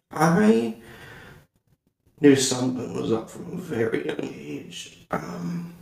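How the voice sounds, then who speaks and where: A young man hosting his own podcast, giving an emotional, heartfelt monologue with halting pauses and restarts. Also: fairly high pitch, gravelly, a little hiss or hum. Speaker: podcast host. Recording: roomy echo.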